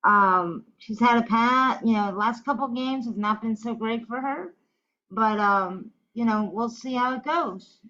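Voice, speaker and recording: Woman cohost on a chatty podcast, highish voice, lots of ums, muffled audio. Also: measured pace, pushed and bright. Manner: hesitant, many fillers. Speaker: podcast co-host. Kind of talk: casual chat.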